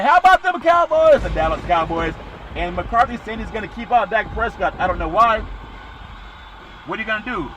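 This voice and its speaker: A man talking sports on his podcast, running casually through the upcoming football games. His voice sits a touch on the high side, and he breaks into jokey, louder bursts now and then. Street traffic rumbles clearly behind him outdoors. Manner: rambling and jokey, with loud bursts.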